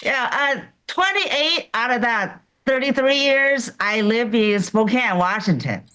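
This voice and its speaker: High, lively-voiced woman comic from China. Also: clean tone. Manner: deadpan, slightly broken English with pauses. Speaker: stand-up comic. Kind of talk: stand-up set. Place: comedy club stage. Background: audience laughter.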